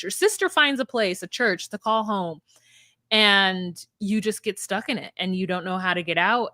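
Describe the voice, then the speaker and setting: A woman co-hosting a podcast, retelling and reacting in casual chat, emphatic and animated, with frequent fillers. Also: fairly low pitch, dry recording, studio quality.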